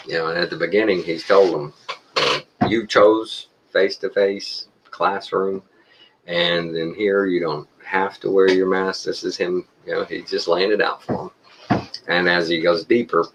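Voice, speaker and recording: Deep low texan guy rambling to his stream, chuckles a lot, dull lo-fi audio. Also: slight background noise. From Texas. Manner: rambling, folksy, chuckles often. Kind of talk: casual monologue to viewers.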